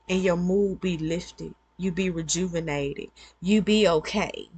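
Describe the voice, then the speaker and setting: Brief: woman vlogger, slow unhurried delivery, lowish voice, earnest advice talk. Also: no echo. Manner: earnest, repetitive, conversational. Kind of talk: casual advice monologue.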